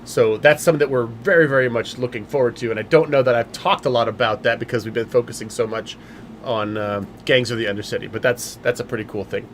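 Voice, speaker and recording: A man's voice: medium pitch, fast. Male livestream host, loose rambling delivery, faint background noise. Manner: rambling, many fillers and restarts. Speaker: livestream host, game company owner. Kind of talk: casual livestream chat.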